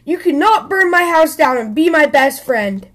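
A woman's voice: high voice, lively intonation, moderate pace, fairly bright tone. A woman reading a storybook aloud, voicing a fussy, tidy male cat who wants a best friend. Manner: prim and fussy.

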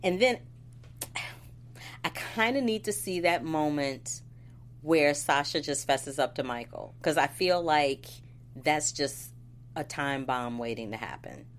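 A woman co-hosting a casual chat about a soap opera, animated and quick to laugh. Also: low-pitched, a little hiss or hum. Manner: animated, laughs often, acts out quotes. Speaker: soap opera podcast co-host.

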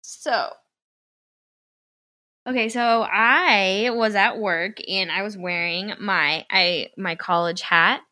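A young woman and podcast co-host telling a story in casual chat, animated and quick to act out what others said, swearing when annoyed. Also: medium pitch, no room sound.

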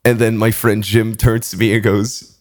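A man's voice: on the low side, flat delivery, normal speed, slight background noise. A man hosting a podcast, telling a rambling, profane story in casual chat and often breaking into laughter. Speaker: podcast host.

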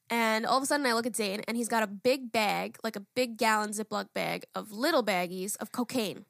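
A young woman co-hosting a podcast, telling stories in a lively, animated way and swearing freely. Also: a little high, creaky, no echo, studio quality. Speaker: podcast co-host. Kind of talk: casual chat.

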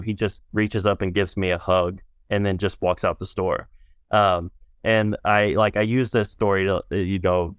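A man, a minister, tells a story on a podcast in a rambling way, with restarts and fillers, and grows animated at the funny turns. His voice sits low and is smooth and resonant. The recording is dry and close. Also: no echo. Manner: rambling, many restarts and fillers, animated when telling stories. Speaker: guest, minister. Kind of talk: storytelling in conversation.

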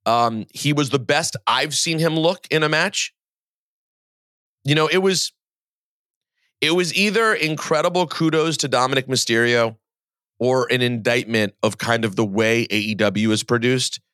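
A man hosting a podcast in casual chat, talking in quick asides. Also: mid-range voice, fairly bright tone, dry recording, clean studio sound. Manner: chatty, quick asides, quotes others in mock voices. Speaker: podcast host.

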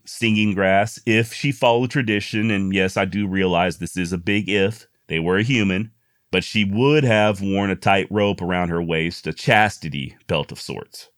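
A man's voice: on the low side, dry recording, clean studio sound. A man narrating frontier history in a casual, folksy way with wry asides. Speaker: history storyteller.

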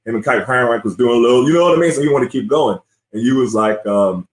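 A man's voice: medium pitch, fast talker. A man in his forties hosting a casual sports interview. He tells old stories with a lot of energy and keeps asking "you know what I mean?". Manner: animated storytelling, often says "you know what I mean". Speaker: podcast host, former NBA player. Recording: roomy echo.

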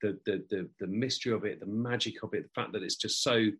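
A man's voice: lowish voice, quick pace, a bit bright, husky. A man, a podcast guest speaking reflectively and hesitantly in a casual chat. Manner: reflective, hesitant, many restarts. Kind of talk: casual conversation.

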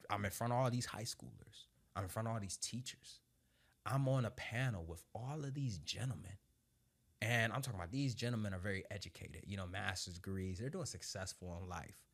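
Expressive and fairly quick, a young Marine sergeant talks through his own experiences as a guest in a casual chat. Swearing comes easily and he laughs through the anecdotes, though reflective moments bring his voice low and quiet.

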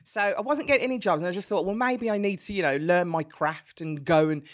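A middle-aged woman with a Birmingham accent, a guest telling lively stories in an interview and laughing easily. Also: on the low side, brisk. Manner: animated storyteller, laughs easily. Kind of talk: conversational interview.

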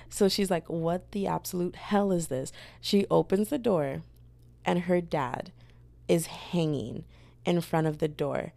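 A woman's voice: on the low side, vocal fry, darkish tone, no echo. A young woman chatting casually on her channel, retelling a story in a rambling way, full of fillers and quoted voices. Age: young adult. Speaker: book vlogger.

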